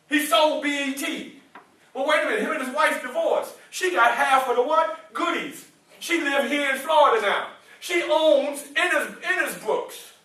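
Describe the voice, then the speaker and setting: In an indoor room full of students, a man with a high, bright, ringing voice gives a teasing, playful motivational talk. He laughs a lot and keeps peppering the audience with questions, call-and-response style. His voice sounds distant and very echoey.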